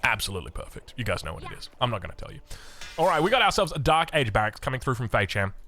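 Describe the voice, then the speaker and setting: Lively Australian man casting a game. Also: medium pitch, racing, slight background noise. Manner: excitable, animated, chatty, laughs often. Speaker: game caster. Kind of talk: casual game commentary.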